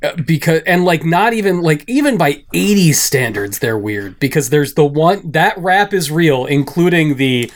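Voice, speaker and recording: A man hosting a podcast, joking and talking fast in casual banter with his co-hosts. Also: a little high, animated. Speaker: podcast host.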